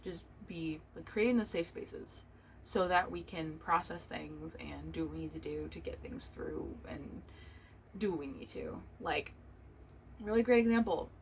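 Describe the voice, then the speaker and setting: Candid young woman, lowish voice, faint noise. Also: a little slow, poor audio. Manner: candid, emotional, swears freely, restarts often. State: choked up, tearful. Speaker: podcast host. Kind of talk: personal solo podcast talk.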